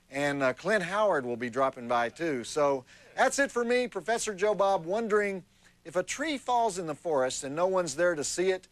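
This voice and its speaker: Man, TV movie host, deadpan wisecracks, higher voice, dry sound. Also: no room sound. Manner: wry, deadpan jokey delivery. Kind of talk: wisecracking late-night movie hosting.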